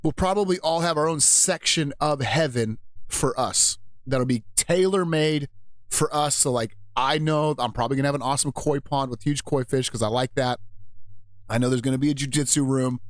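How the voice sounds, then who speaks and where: A man's voice: medium pitch, normal speed, no echo. A man hosting a live radio show, rambling casually and jokily about faith and his marriage, often laughing at himself.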